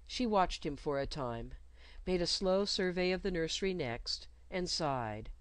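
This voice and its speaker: Expressive woman story narrator, lively pitch. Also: no room sound. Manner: expressive, measured reading.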